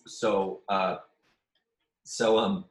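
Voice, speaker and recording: Man from Nebraska, low voice, relaxed and playful podcast co-host. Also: very slow. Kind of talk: casual chat.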